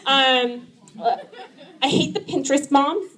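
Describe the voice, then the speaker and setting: A woman in her thirties with a high voice tells stand-up stories from her family life. She chats loosely, fills the pauses with "um", and keeps breaking into laughter at her own punchlines. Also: lively intonation. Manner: chatty, laughs at her own jokes, many "um"s. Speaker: stand-up comedian. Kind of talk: stand-up comedy set. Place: live event in front of an audience.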